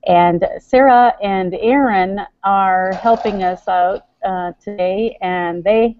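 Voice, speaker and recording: A woman's voice: mid-range voice, slow pace, slight background noise. A woman organizing an online teacher training, speaking in a rambling, hesitant, self-deprecating way. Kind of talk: casual online meeting talk. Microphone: video call. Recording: dull, dry video-call audio.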